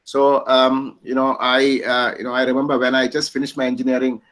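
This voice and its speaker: A man's voice: mid-range voice, flat delivery, brisk, a bit bright, poor audio. A middle-aged man with an Indian English accent hosting, telling a story in a rambling way with many fillers. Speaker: host. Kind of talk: closing remarks and anecdote.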